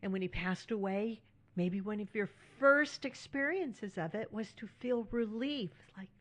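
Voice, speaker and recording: A woman's voice: mid-range voice, unhurried. A middle-aged woman hosting a solo podcast, speaking frankly and reassuringly and often checking in with "right?". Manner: warm, reassuring and frank, with frequent "right?" tags. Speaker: podcast host.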